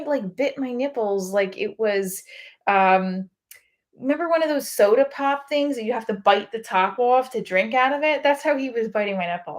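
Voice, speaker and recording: A woman comedian in a candid, rambling confessional monologue who swears freely. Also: medium pitch.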